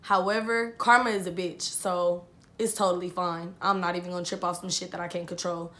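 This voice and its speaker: A woman's voice: fairly low pitch, flat delivery, a little fast, fairly bright tone. A young woman vlogger telling a personal story in a chatty way, repeating herself and calling her viewers "y'all". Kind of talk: casual storytelling.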